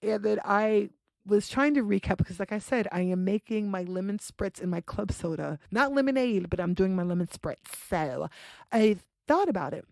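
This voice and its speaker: Podcast host, young woman, lively storyteller who swears freely, dry close sound. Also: normal speed, vocal fry, dry recording. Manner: animated, profane, acts out quotes with big pitch jumps. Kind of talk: casual storytelling.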